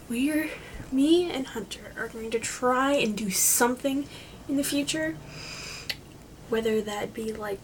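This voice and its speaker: Slow, giggly woman half-whispering. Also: on the high side, background noise. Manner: giggly, casual, often drops to a soft whisper; swears casually. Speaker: amateur video maker. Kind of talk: joking dramatic reading.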